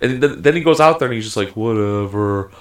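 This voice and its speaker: A podcast co-host with a medium-pitched voice races through a casual sports chat, speaking heatedly and emphatically and swearing a lot.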